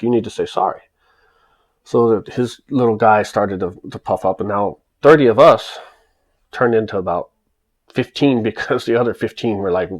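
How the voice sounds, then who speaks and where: American man, low voice, raspy, casual storytelling, emphatic. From United States. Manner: emphatic, rambling with many restarts. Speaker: vlogger recounting his life in Japan.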